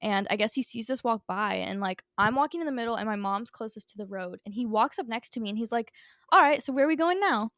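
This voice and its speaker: A woman's voice: mid-range voice, fast, few pauses, a bit bright, no echo, clean studio sound. A young woman co-hosting a podcast, telling a story in a casual, gushing way and saying "like" constantly. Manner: gushing, fills nearly every phrase with "like". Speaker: podcast co-host.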